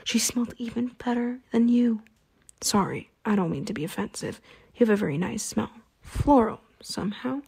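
A woman reading a soft-spoken taunting male vampire. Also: on the high side, moderate pace, creaky, breathy edge, heavily acted. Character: cruel smooth-talking male vampire hunter. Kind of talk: audiobook character reading.

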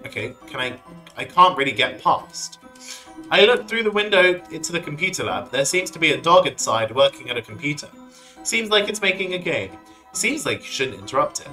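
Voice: mid-range voice, pushed and bright, rough recording. A streamer giving playful, laughing commentary while playing a video game. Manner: playful, laughing, quick asides. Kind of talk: casual let's-play commentary. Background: game music.

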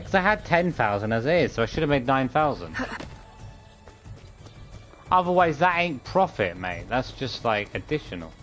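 Young streamer, playful rambling commentary, lively pitch, faint game music under it. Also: male voice. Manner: rambling, playful, hums and does silly sound bits. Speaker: gaming streamer. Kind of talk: casual gameplay commentary.

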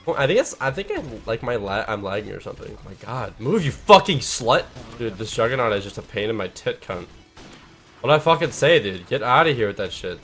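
A man giving live, profane gameplay commentary, mostly laid-back and mumbling, bursting into shouts at big plays. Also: mid-range voice, sing-song, a little fast, faint music behind. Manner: profane, swears constantly. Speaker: gaming channel host.

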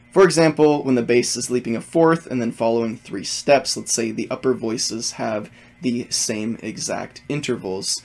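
A man gives a music theory lesson in a mid-range voice, working through each point step by step. Faint music plays quietly under his explanation. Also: mid-range voice, vocal fry.

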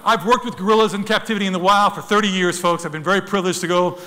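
A high-voiced man tells wild stories at a fast clip, bright and forceful as he acts out each scene. His voice rings with a long hall reverb. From United States. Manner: animated, dramatic storyteller, acts out sounds and voices, addresses the crowd as folks. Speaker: wildlife photographer giving a talk. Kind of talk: lively storytelling presentation to an audience.

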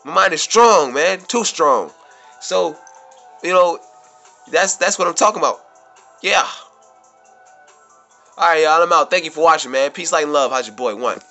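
Profane rambling man with bright voice. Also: fairly high pitch, normal speed, gravelly, long pauses, faint music behind. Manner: rambling, profane, repeats himself, gets worked up. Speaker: vlogger. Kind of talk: casual storytelling monologue. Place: New York City.

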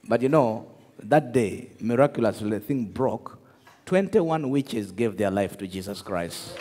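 A man preaching a sermon, telling stories with laughter and shouting out to his congregation. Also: fairly low pitch, measured pace, background noise. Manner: animated storytelling, laughs, shouts to the crowd. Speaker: pastor. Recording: echoey hall with long reverb.

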